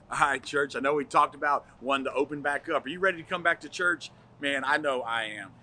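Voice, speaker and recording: A man's voice: on the high side, brisk, sharp tone. A man, a pastor giving enthusiastic, chatty church announcements in a folksy way. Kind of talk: casual church announcements video.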